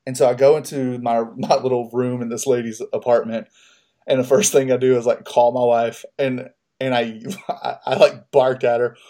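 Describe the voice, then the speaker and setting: A man in casual podcast chat, spinning a long story in a loose, profane way. His voice sits at an ordinary middle pitch, and he laughs at his own misfortunes as he goes. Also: little pitch movement, normal speed, warm tone. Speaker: podcast co-host.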